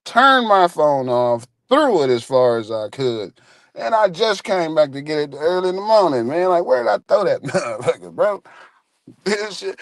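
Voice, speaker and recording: Lively male stream host, higher voice with big swings, profane and laughing, dry sound. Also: normal speed, no echo. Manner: animated, profane, laughing often. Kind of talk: casual storytelling to a live audience.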